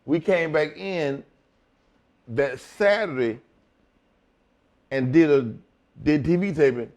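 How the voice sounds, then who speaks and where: A man's voice: fairly high pitch, takes it slowly, darkish tone. Blunt, profane storytelling man. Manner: blunt, swears often, acts out both sides of quoted talk. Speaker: wrestler telling stories as a guest. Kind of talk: profane shoot-interview storytelling.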